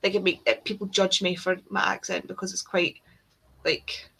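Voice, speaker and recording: A woman's voice: medium pitch, level tone, moderate pace, vocal fry, fairly bright tone, breathy edge. A woman with a Scottish accent chatting casually with friends, laughing easily. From Scotland. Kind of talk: casual group chat.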